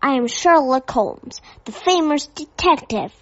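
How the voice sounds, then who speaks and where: A woman voicing a young bear in detective disguise, putting on a gruff voice for a storybook. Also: sits high, expressive, unhurried, voice pushed up. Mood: pompous. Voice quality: gruff put-on voice. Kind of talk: storybook reading. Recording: dull dry lo-fi recording.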